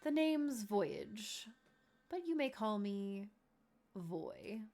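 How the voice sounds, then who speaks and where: A woman's voice: mid-range voice, animated, very slow, darkish tone. A woman voicing a boastful vain bard. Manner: boastful, theatrical, smooth-talking. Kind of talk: reading game dialogue aloud.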